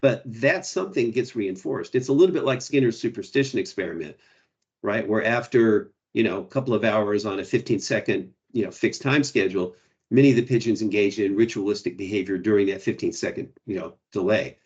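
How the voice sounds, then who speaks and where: Male academic presenter, low-pitched, halting explanations over slightly dull audio. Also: darkish tone. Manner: hesitant, restarts, frequent "you know" and "right". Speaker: guest presenter. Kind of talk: academic Q&A answers.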